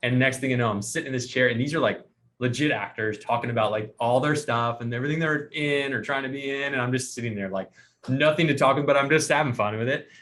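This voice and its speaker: A man hosting a casual podcast, telling a long story with lots of life and acting out the other people's lines himself. His pitch sits in a middle range and moves around. He talks the way you would with a friend. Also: quick pace. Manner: animated storyteller acting out quotes. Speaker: podcast host.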